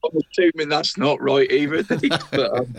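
A man's voice: on the high side, moderate pace, slightly rough, dry recording. A man co-hosting a local football show, chatting through weekend results and calling his co-host "mate" at every turn. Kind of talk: casual results round-up. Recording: dry, dull lo-fi sound.

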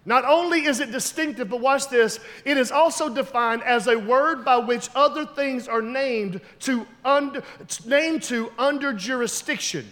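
High-voiced man preaching a sermon. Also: measured pace, few pauses, in a large hall. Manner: storytelling preacher, builds to loud emphatic shouts. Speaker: pastor.

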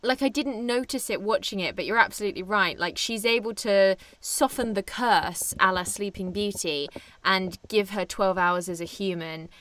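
A woman's voice: mid-range voice, normal speed, a bit bright. A young adult woman co-hosting a podcast, talking casually and animatedly about a film, laughing often. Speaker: podcast co-host.

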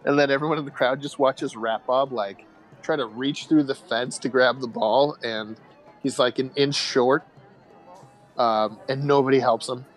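A young man narrating a tabletop game as game master, relaxed and descriptive with fillers. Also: mid-range voice, moderate pace, soft background music.

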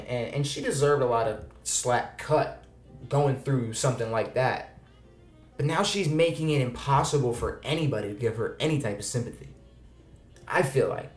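A man's voice: medium pitch, echoey room. A man co-hosting a podcast in casual chat, rambling and restarting often and swearing casually. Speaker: podcast co-host.

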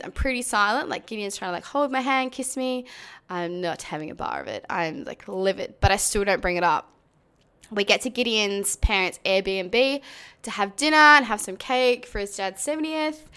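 Animated, profane young woman. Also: mid-range voice, clear, resonant tone. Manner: profane, animated, uses many fillers. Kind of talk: casual storytelling.

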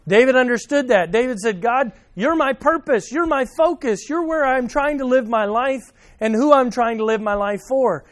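Male pastor with a high voice, preaching with questions to the congregation, shifting between loud emphasis and soft asides. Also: moderate pace, hardly any pauses. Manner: addresses listeners by name, asks questions; swings from loud emphasis to quiet, soft remarks. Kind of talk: sermon.

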